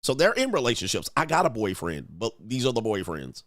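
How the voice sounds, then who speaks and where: A man's voice: on the low side, wildly swooping pitch, fairly quick, fairly bright tone, no room sound, clean studio sound. A man giving casual relationship-coach commentary on online comments, blunt and profane, mimicking the men he quotes.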